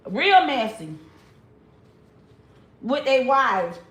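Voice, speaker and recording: A woman in her forties runs a casual live-stream commentary, addressing her chat in a slow, unhurried drawl. Her voice sits a little high, blunt and sassy. The room around her rings with a noticeable echo. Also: sing-song. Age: 40s. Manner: drawn-out, talks straight to the chat.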